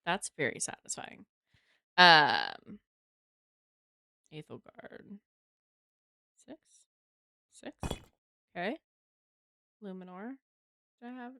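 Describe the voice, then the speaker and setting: A woman's voice: fairly low pitch, very animated, takes it slowly, creaky, long pauses, sharp tone. A woman streaming a game live, chatting casually to her viewers, swearing freely and talking to herself as she plays.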